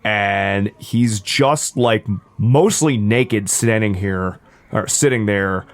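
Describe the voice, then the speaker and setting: A man narrating as game master of a tabletop game in a casual, animated way. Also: lowish voice, slow pace.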